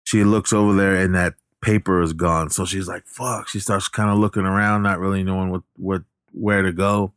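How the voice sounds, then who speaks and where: A man's voice: sits low, flat delivery, moderate pace, few pauses, fairly bright tone, clean tone, no room sound, studio quality. A man casually retelling a film plot, rambling, backtracking to correct himself and briefly acting out the characters' lines. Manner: acts out the characters' lines in passing.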